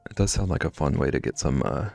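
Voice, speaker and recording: A man's voice: extremely low pitch, fast, creaky, a little mellow, dry recording, faint music behind. A man chatting casually on a livestream, rambling and answering chat, with lots of filler "like".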